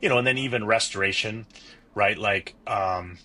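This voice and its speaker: A man's voice: fairly low pitch, normal speed, sharp tone. A man, a business owner guesting on a podcast, telling candid stories about his work. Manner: candid, storytelling, self-critical. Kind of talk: casual conversational interview.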